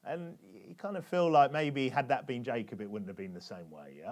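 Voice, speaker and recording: A man's voice: medium pitch, a little fast, few pauses, darkish tone. A British man preaching a conversational sermon, often tossing tag questions at his congregation. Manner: chatty, keeps asking tag questions of the congregation.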